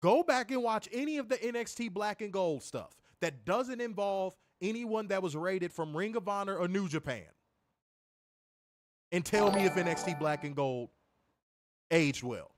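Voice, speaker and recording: A man's voice: high voice, expressive, normal speed, no room sound, studio quality. A man hosting a wrestling review stream, ranting in a profane, mocking, emphatic way. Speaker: wrestling show host. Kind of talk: casual profane rant on a livestream.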